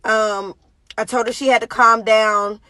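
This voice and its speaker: Young mother on a live phone stream, shaken, halting, lots of fillers, higher voice, dry close sound. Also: fairly even intonation, bright, forceful tone, no room sound. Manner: talks directly to viewers, halting with many fillers. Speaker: parent giving a live video update. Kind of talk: emotional live-stream talk to viewers.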